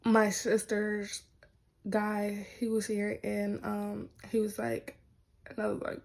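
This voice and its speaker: A woman's voice: medium pitch, completely flat delivery, slow pace, darkish tone. A woman telling a personal story to her viewers in a casual vlog, chatty and loose, peppering her talk with "like" and "y'all". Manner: chatty, heavy use of "like" and "y'all". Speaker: vlogger.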